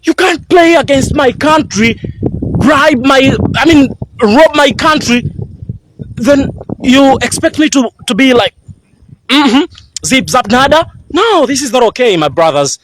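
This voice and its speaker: A man's voice: very high voice, expressive, measured pace, a bit bright, a little hiss or hum. A man from Tanzania, furiously ranting in a video, swearing and repeating his accusations. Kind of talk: angry video rant.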